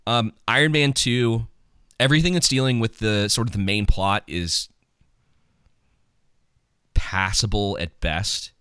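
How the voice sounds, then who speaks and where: Low, smooth-voiced man chatting. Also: a little slow, long pauses, bright, forceful tone, no room sound, studio quality. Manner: rambling, many ums and restarts, jokey. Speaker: podcast co-host. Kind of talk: casual chat about movies.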